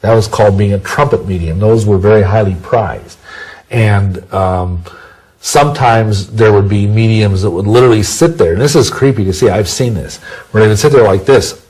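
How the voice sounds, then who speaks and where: A man with a low, husky voice answers interview questions at length. He rambles, restarts his sentences and throws in folksy sayings as he goes. His talk stays loose and conversational throughout. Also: normal speed, a little mellow, rough recording. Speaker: interview guest.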